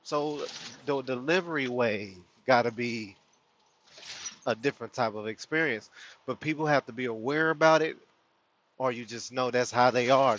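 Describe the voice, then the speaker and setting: A man's voice: medium pitch, a bit bright. A man hosting a spiritual livestream, talking loosely to his viewers and laughing often. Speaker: host of a spiritual community livestream. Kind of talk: casual spiritual talk to viewers. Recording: dull lo-fi sound.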